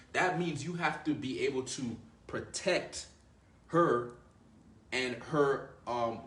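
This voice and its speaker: A man talking straight to the camera with swagger and bluntness, swearing freely and leaning on filler words as he coaches. His voice sits at a middle pitch, and the sound bounces around a roomy, echoey space. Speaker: dating coach. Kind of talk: casual advice monologue.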